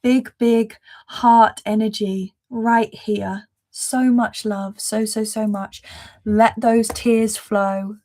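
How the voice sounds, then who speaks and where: A woman leads a live-streamed spiritual reading in a gentle, effusive voice that keeps returning to reassurance. She talks slowly and lets pauses settle, and her pitch sits in an easy middle range. Soft laughs slip in between her phrases. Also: flat delivery. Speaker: spiritual reader and host.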